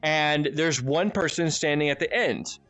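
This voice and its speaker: An American man telling his stream viewers a casual story, animated and profane, laughing often. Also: fairly high pitch, measured pace, no room sound, faint music behind. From United States. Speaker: streamer and channel host.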